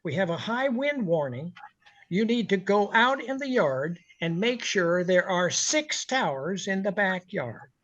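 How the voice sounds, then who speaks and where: A man plays a raging, foul-mouthed old station boss who yells in a high, strained voice. He barks his orders loud and sharp over slightly muffled, lo-fi audio. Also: lively intonation, a little slow. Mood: bullying. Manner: barking, cursing tirade. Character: irate older male radio station owner, profane bully.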